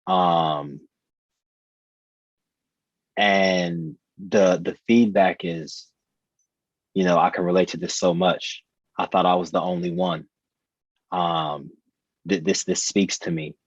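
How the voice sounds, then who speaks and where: A deep-voiced man in his thirties speaks earnestly and reflectively, leaning on repeated phrases for emphasis. His voice is husky, and the recording is dry and slightly muffled. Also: steady tone, takes it slowly, pauses often, no echo. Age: 30s. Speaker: podcast guest, author. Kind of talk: personal storytelling in conversation.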